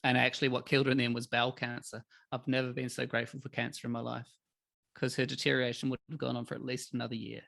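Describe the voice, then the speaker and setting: A middle-aged man, a podcast guest telling emotional stories in a candid, animated way. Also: medium pitch, racing, vocal fry. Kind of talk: candid conversational interview.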